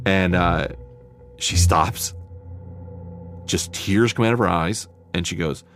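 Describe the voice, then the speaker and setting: Man from new jersey, low gravelly voice, candid storyteller, music underneath. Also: slow, long pauses. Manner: candid, rambling with fillers, acts out quotes. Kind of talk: personal story told to a podcast.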